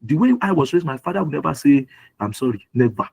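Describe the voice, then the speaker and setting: A man's voice: on the high side, lively intonation, quick pace, vocal fry, a little mellow, breathy edge, low-quality recording. A middle-aged man from Nigeria giving an earnest talk on parenting at a webinar, often repeating his key phrases for emphasis. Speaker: webinar speaker.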